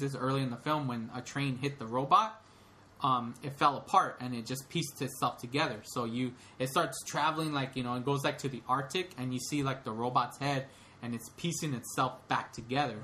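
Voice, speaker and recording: Bright-voiced, rambling podcast host. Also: male voice, mid-range voice, a little hiss or hum. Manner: excited, rambling retelling with many fillers. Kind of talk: casual chat.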